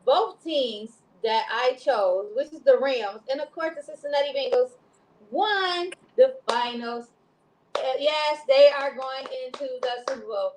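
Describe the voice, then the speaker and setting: A woman's voice: high voice, unhurried, roomy sound, a little hiss or hum, poor audio. A woman from Chicago co-hosting a casual talk show, rambling and laughing often. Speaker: co-host. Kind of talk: casual chat.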